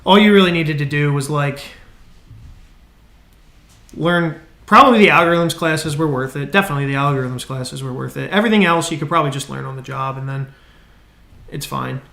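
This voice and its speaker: A man's voice: a little high, fairly quick, creaky, pauses often, pushed and bright, echoey room. A man live-streaming his coding, ranting in a casual, exasperated way, swearing and restarting his sentences.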